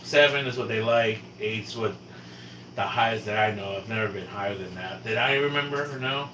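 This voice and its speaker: A man's voice: on the low side, moderate pace, pushed and bright, slight background noise, poor audio. A man from California livestreaming casual chat, rambling and swearing, often trailing off and restarting. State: low blood sugar, shaky.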